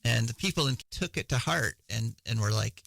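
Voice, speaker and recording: A man's voice: mid-range voice, expressive, normal speed, vocal fry, a bit bright, rough recording. A man hosting a radio show, chatting casually through the news with frequent fillers and laughs.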